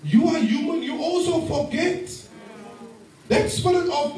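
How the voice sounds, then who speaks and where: High-voiced preacher in an echoing church. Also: male voice, unhurried. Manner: animated, laughing often, calls on the congregation. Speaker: pastor. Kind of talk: sermon. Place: church hall. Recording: very echoey hall from far off.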